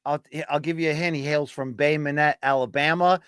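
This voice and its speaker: A man's voice: on the high side, steady tone, a little fast, fairly bright tone, smooth, no room sound, clean studio sound. A man co-hosting a boxing podcast, bantering playfully and laughing often in casual chat. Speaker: podcast co-host.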